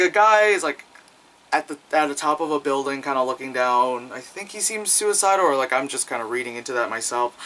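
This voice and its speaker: Reviewing a film casually, this man speaks in a pushed, bright voice on the high side, captured in a rough recording. He rambles loosely with plenty of fillers and profanity, performing quoted lines in jumpy voices.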